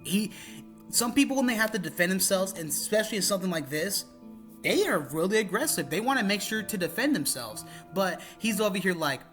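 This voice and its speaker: A man's voice: high-pitched, big pitch swings, normal speed, a bit bright, faint music behind. Profane, exasperated commentary guy. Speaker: commentary narrator. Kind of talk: drama commentary voice-over.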